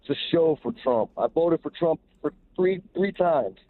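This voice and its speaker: A man's voice: on the high side, expressive, normal speed, no echo. A man calling in to a radio show, talking bluntly and casually, repeating words as he goes. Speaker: caller. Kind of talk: call-in radio comment. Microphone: telephone. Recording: tinny phone line with faint noise.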